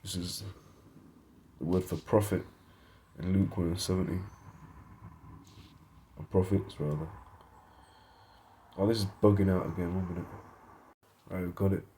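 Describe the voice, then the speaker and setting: Deep-voiced man teaching a Bible study. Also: steady tone, measured pace, pauses often, dark tone, a little hiss or hum. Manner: thinking aloud, reads verses and definitions, self-correcting. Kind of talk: informal Bible study lesson.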